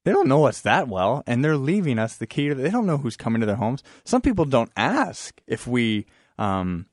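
A man's voice: mid-range voice, sing-song, normal speed, no echo, clean studio sound. A man appearing as a guest on a radio show, talking casually about his company in a rambling way with many fillers. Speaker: business owner as radio guest. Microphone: studio microphone.

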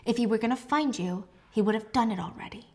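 A woman's voice: fairly high pitch, fast talker, close to an everyday voice. A woman doing a soothing psychiatrist. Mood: reassuring. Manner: soft, soothing, reassuring. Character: calm, insistent woman psychiatrist.

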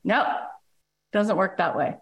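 A woman's voice: medium pitch, slow pace, fairly bright tone. A woman hosting a motivational podcast, enthusiastic and emphatic, stacking repeated phrases and spiritual self-help talk in rhythmic runs. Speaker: podcast host.

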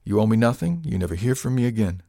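A man's voice: fairly low pitch, big pitch swings, fast, gravelly, warm tone, no room sound, studio quality, voice pushed up, exaggerated voice. A man voicing an eager, loyal young woman crew member, earnest and determined, in an audiobook.

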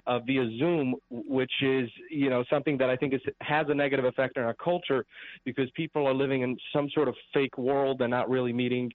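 A man's voice: medium pitch, fairly even intonation, fairly quick, no echo. A man calling in to a radio talk show, earnest and rambling, often restarting his sentences. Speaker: caller. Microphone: phone line. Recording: tinny phone line.

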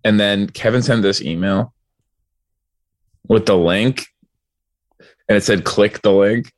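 A man's voice: fairly low pitch, takes it slowly, dry recording. A man telling a story in casual comedic banter, laid-back and slangy.

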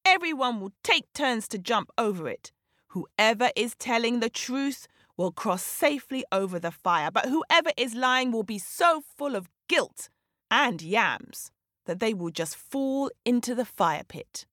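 Storybook lion: proud male king of beasts, growling and demanding, lively pitch, put on by a woman storyteller. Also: no echo, studio quality.

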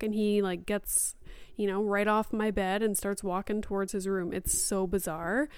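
A woman's voice: medium pitch, level tone, moderate pace, darkish tone, clear, resonant tone, no echo. A young woman and mother casually telling a parenting story on a podcast in a chatty, upbeat way. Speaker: podcast host sharing parenting experience. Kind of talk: casual chat.

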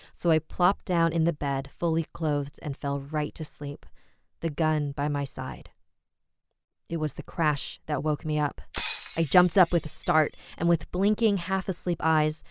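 Woman, low voice, dry close sound, scripted horror narration, tense and measured. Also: clean tone, no echo. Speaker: host and narrator.

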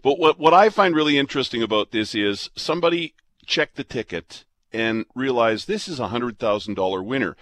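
A man's voice: medium pitch, animated, a little fast, few pauses, a bit bright, no echo. A man hosting a radio interview who asks long, reflective questions of a caller. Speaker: radio host.

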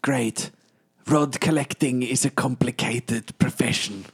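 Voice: medium pitch, fairly even intonation, slow pace, breathy edge. A player in a tabletop game, trading dry, sarcastic banter in character.

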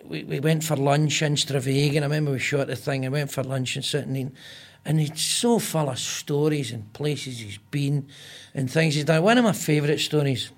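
A man's voice: on the high side, moderate pace, few pauses. An older man with a Scottish accent, a comedian guest telling stories in casual chat with many stammered restarts. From Scotland. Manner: animated storyteller with stammered restarts.

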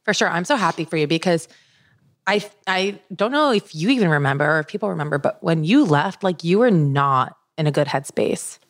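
Bubbly young woman, lowish voice. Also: animated, a little fast. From Greek family roots. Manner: bubbly, laughs often, emphatic. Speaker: podcast co-host. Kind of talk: casual chat.

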